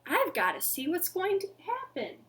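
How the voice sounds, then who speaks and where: A woman voicing a cheerful, polite male lion who wonders aloud in a bright, sing-song way. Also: extremely high pitch, wildly swooping pitch, moderate pace, voice pushed up, full character voice. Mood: curious excited.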